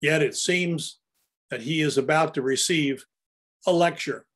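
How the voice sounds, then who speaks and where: A man's voice: on the high side, a little slow, a bit bright, breathy edge. An older man narrating his own photographs in an anecdotal, storytelling way as he presents them.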